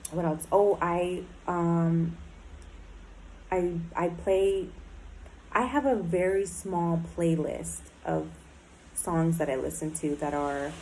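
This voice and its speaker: A woman's voice: fairly low pitch, a little mellow, a little hiss or hum, low-quality recording. A woman in a recovery program speaking in a candid personal diary talk, blunt and emotional, swearing often and filling her speech with "like" and "um".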